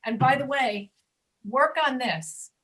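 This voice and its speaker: A woman teaching an online pronunciation class, patiently correcting students and modeling sounds slowly over a video call. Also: sits high, fairly bright tone, husky.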